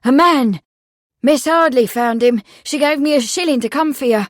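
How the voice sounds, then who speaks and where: A woman voicing a thin, freckled young boy who is out of breath and urgent as he shouts for the constable. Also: high-pitched, normal speed, dry recording, studio quality, voice pushed up, lightly acted.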